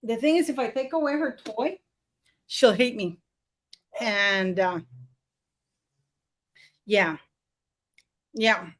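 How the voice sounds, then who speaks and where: A woman's voice: a little high, takes it slowly, pauses often, fairly bright tone. A woman hosting a casual live stream, rambling with many fillers and restarts and laughing often.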